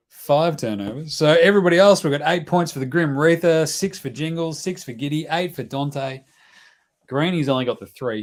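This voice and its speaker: Australian male host, casual live stream banter, joking and chatty. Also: mid-range voice. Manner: joking, chatty, talks to his baby.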